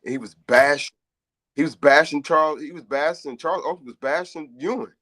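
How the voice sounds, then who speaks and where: A man's voice: on the high side, moderate pace, fairly bright tone, no echo. A man co-hosting a sports radio show, chatting casually in a slangy, rambling way. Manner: laid-back, slangy, rambling delivery.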